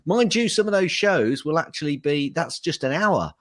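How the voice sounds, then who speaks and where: A man's voice: fairly high pitch, animated, normal speed. A man co-hosting a podcast in casual chat, joking and bantering. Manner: jokey, playful banter. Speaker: podcast co-host.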